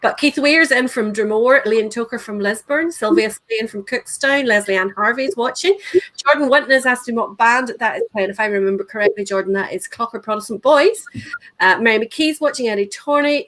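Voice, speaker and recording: A woman's voice: fairly high pitch, fairly quick, a bit bright, rough recording. A woman hosting a livestream, chatting casually and reading out viewer names. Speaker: host.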